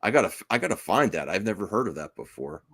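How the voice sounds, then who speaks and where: A man's voice: low voice, big pitch swings, quick pace, gravelly, fairly bright tone, husky. A man hosting a podcast in casual chat, rambling and restarting his sentences and laughing often. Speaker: podcast host.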